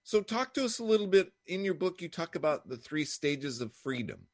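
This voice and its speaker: A man hosting an interview, asking questions in a lively, encouraging way. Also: on the high side, normal speed, no room sound, studio quality. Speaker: interview host.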